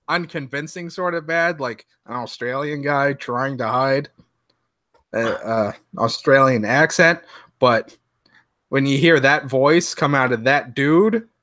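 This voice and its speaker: A man co-hosting a podcast in casual chat, animated, acting out reactions and often restarting his sentences. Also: medium pitch, slow pace, no echo, clean studio sound. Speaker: podcast co-host.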